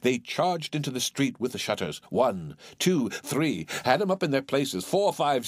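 A male narrator reads a classic tale with theatrical flair. His pitch rises and falls in lively sweeps over a middle register, and the recording is close and dry. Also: a little slow, hardly any pauses, dry recording. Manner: animated, theatrical. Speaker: audiobook narrator. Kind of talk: expressive audiobook reading.

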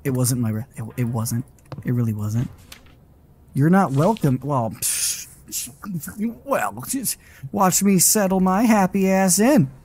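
A man's voice: a little high, very animated, slow pace, a little mellow, breathy edge. A man giving live horror game commentary, swearing and talking back at the game whenever it startles him. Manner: profane, jumpy, talks back at the game. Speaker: gaming streamer.

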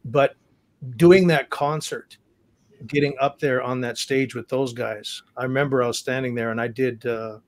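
A man from Saskatchewan, a guest musician telling stories in a casual interview, earnest and halting, often restarting and repeating words. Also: medium pitch, steady tone. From Saskatchewan, Canada.

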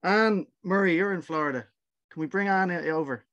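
A man's voice: high voice, a little fast, fairly bright tone, lo-fi sound. A friendly, informal man hosting an online gathering over a video call. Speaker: event host.

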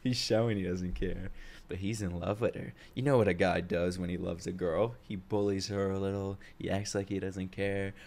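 A man hosting an anime reaction video, talking excitedly in profane, joking asides as he watches. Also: low voice, moderate pace. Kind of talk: live reaction commentary. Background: faint anime soundtrack.

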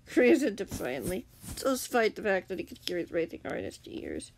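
A woman's voice: medium pitch, sing-song, normal speed, creaky, slight background noise. A woman narrating her own fan story in a casual reading, with self-corrections and chatty asides. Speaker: fanfiction narrator.

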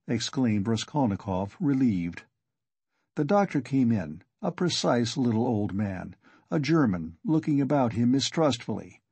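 A man narrating a classic novel as an audiobook, reading at a steady, measured pace. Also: medium pitch, breathy edge, dry recording.

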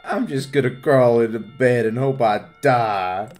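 A man's voice: medium pitch, unhurried, darkish tone, soft background music, voice pushed down, close to an everyday voice. A man voicing a wild, moody fisherman in a farming game, swinging between gloomy mumbling and whooping drawled glee. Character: manic, moody male fisherman farmer. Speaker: gameplay voice actor. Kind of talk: comedic character play over a game.

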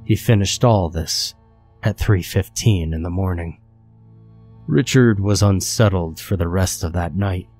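Low-voiced male horror narrator. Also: unhurried, darkish tone, faint music behind. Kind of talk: scary story narration.

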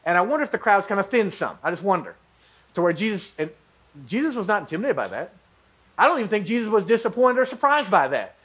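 A man's voice: sits high, very animated, fast talker, fairly bright tone, slightly rough. A man giving a church sermon, preaching animatedly and acting out how listeners might react. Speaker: pastor.

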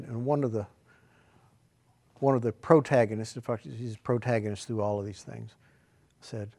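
A man preaching a sermon, swinging between quiet, hushed asides and loud, emphatic exclamations. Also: mid-range voice, steady tone, moderate pace.

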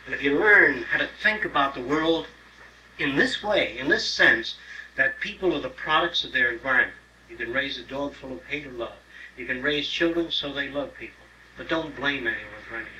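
A man's voice: mid-range voice, slight background noise. An older man giving a live lecture, blunt and profane, telling stories and acting out quotes. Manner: blunt, profane, animated storytelling with acted-out quotes. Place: lecture hall. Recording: roomy 1979 lecture tape, mic at a distance.

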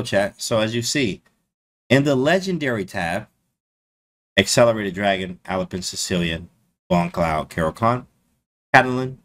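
A man streaming casually to his chat, slangy and animated, repeating his phrases. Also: fairly low pitch, normal speed, slight background noise. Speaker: chess streamer.

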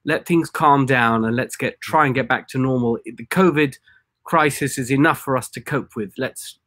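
A rabbi guest, a man who talks in a measured, earnest way. His voice is lowish and the sound is close and dry, with no room around it. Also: a bit bright, no echo. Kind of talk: conversational commentary.

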